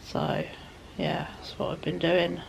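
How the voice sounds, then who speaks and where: A tired woman vlogging from home in a rambling, soft way that often drops to a whisper. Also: fairly low pitch, little pitch movement, slow pace, creaky, husky. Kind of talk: casual chat to camera.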